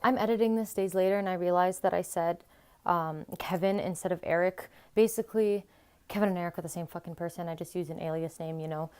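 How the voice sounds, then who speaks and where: A young woman drops in a brief voice-over aside, casual and offhand. Her voice sits low and comes through smooth and clean. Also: fairly even intonation, brisk, darkish tone. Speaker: vlogger.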